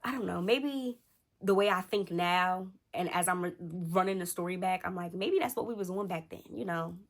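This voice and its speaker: A woman in her thirties telling a story in casual chat, talking straight to her viewers and animated in the retelling. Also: lowish voice, moderate pace. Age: 30s. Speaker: storytelling vlogger.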